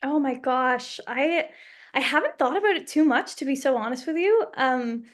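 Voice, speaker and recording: A woman's voice: high-pitched, expressive, moderate pace. A young woman, a guest actress, telling stories in a bubbly, laugh-filled way during a casual interview. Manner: bubbly, laughs often, storytelling.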